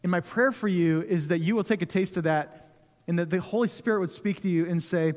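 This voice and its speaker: A man in his thirties preaching a sermon in a church, telling stories in a relaxed, conversational way with touches of humor. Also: high voice, a little fast. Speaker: pastor. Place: church sanctuary. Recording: long hall reverb.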